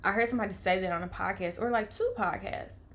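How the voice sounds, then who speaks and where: Young woman telling a story, voice swinging loud to hushed. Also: mid-range voice, fast talker. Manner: animated, acts out quoted lines, swings from loud to hushed. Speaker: vlogger telling her birth story. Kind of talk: casual storytelling.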